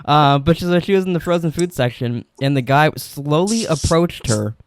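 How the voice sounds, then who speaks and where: A man's voice: on the high side, lively intonation, normal speed, smooth, no room sound. A young man co-hosting a podcast, telling rambling stories with restarts and casual swearing. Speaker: podcast co-host.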